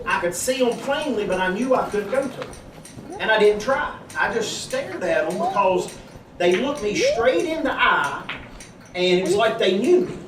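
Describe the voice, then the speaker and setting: A man tells his church testimony in a folksy, animated way, acting out each voice in his story. His recording sounds roomy and echoing, picked up from a distance. Lots of people murmur in the background. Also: sits high, normal speed, a crowd in the background. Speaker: church member giving a testimony. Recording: echoey room, distant mic, audience noise.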